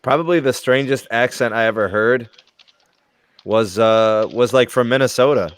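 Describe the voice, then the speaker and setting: A man's voice: mid-range voice, normal speed, smooth, no echo. A man hosting a podcast, chatting casually and leaning on fillers like "you know.". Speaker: podcast host. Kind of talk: casual group chat.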